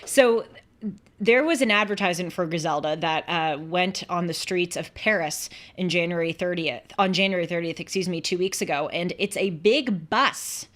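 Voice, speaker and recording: A young adult woman hosting a talk show, chatting casually and giving her opinions with quick asides. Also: on the low side, fairly bright tone. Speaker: show host.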